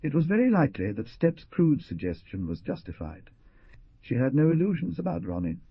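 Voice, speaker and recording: A man's voice: a little high, brisk, creaky, breathy edge, no room sound. A man giving a dramatic, theatrical audiobook narration on a dull lo-fi recording. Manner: expressive, theatrical.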